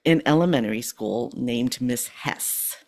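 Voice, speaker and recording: A woman's voice: extremely low pitch, unhurried, a little mellow. A woman hosting a podcast interview, welcoming her guest and asking questions in an upbeat way. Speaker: podcast host.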